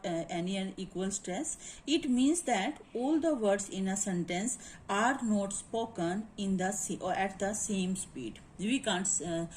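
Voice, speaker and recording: A woman teacher giving a lecture on grammar, halting often, repeating points and slipping in Hindi phrases. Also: mid-range voice, darkish tone, slight background noise. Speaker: English teacher. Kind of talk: classroom lecture.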